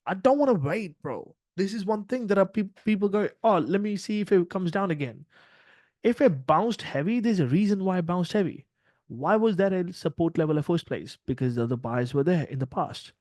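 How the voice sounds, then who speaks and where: A man's voice: high voice, expressive, brisk, a little mellow, no room sound. A man talking casually as a trading mentor on a livestream, blunt and profane, acting out little quoted exchanges.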